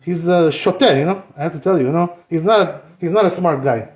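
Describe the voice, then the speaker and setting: A man teaching a Torah class as a rabbi, animated and joking, with many rhetorical questions. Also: fairly high pitch, brisk. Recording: echoey room, slightly dull.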